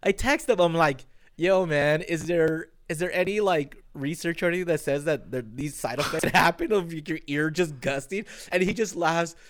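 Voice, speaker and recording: A man co-hosting a podcast, telling animated stories full of swearing and quick restarts. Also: a little high. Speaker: podcast co-host. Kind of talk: casual chat.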